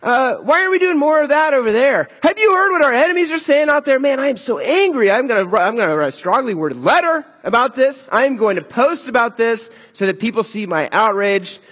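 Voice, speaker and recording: A man's voice: very high-pitched, expressive, brisk, hardly any pauses, fairly bright tone, in a large hall, voice pushed up, heavily acted. A man putting on the voice of an outraged armchair critic, whining and ranting.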